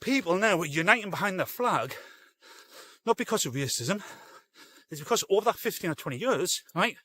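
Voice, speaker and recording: A man's voice: high voice, big pitch swings, fairly quick, sharp tone. A middle-aged man, hosting a live-stream show in a rambling, sweary, blunt way. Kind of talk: casual live-stream rant.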